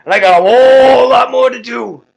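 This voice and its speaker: A man voicing a big showman who pitches a workout program, shouting rhymes high above his own voice. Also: normal speed, creaky, heavily acted. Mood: hyped. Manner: booming rhyming workout pitch. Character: hulking male exercise-hype showman. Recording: muffled lo-fi audio.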